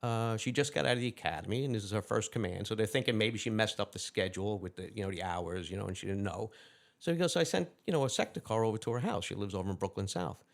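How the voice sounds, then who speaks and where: A gravelly-voiced man, rattling off stories at a quick clip. He tells them animatedly and acts out the other people's lines along the way. He is a retired lieutenant, speaking as a guest in a casual interview. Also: on the low side. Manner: animated anecdotes with quick quoted dialogue.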